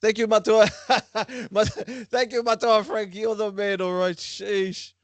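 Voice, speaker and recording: A man hosting a lively quiz for a class, playful and teasing with frequent laughter. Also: high voice, measured pace, no room sound. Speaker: online class quiz host.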